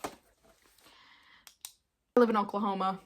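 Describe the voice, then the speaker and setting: A woman's voice: medium pitch, flat delivery, unhurried. A young woman from Utah hosting a casual solo podcast from her bedroom, chatty and self-mocking, slipping into silly voices now and then. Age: young adult. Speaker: podcast host.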